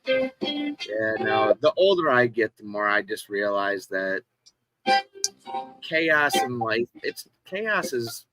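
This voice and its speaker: A man in casual conversation, swearing freely and retelling a roadside run-in with animated energy. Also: mid-range voice, takes it slowly, long pauses, over music, poor audio. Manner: profane storyteller, animated retelling of a confrontation. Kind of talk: casual chat.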